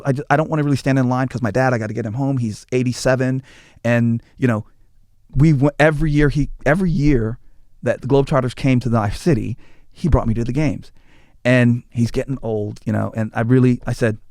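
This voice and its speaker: A former tour manager, appearing as a guest, tells stories in a relaxed interview, acting out quotes and stumbling into restarts as he animatedly spins his tales. His voice is medium-pitched and quick, captured in a dry, clean studio recording.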